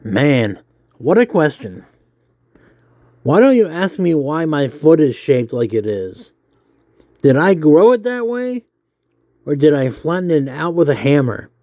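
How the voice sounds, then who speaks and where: A man's voice: on the high side, unhurried, dry recording, clean studio sound. A man who calls his own voice nerdy, casually reading an interview aloud and chatting while he colors a drawing. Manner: self-described nerdy voice, relaxed with fillers. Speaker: comics vlogger.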